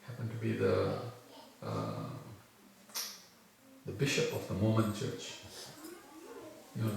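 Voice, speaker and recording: A man from Fiji telling a personal story to a gathering, animated and often laughing as he acts out the dialogue. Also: on the low side, creaky, far from the mic. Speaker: spiritual speaker. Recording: very echoey hall with audience.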